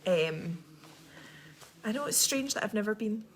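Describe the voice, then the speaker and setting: A young Scottish woman with a posh accent, chatting quickly and rambling through a casual livestream. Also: medium pitch, lively intonation, a little hiss or hum. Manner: fast, chatty, rambling with many ums. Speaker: livestream host.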